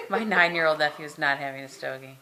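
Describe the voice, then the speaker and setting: A woman's voice: low-pitched, brisk. Chatty woman on noisy camera audio. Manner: chatty, rambling, self-deprecating asides. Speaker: vlogger. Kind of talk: casual home vlog chat. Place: home kitchen. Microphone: handheld compact camera.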